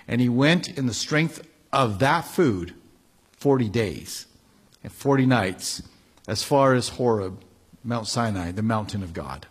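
A man's voice: mid-range voice, husky. A male pastor preaching a sermon, reading scripture with building emphasis and then explaining it casually.

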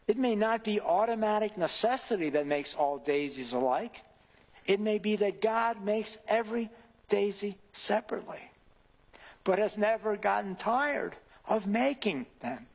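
Earnest husky preacher in a reverberant hall. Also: male voice, sits high, lively intonation, unhurried. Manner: earnest, rising to emphatic questions. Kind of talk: devotional sermon.

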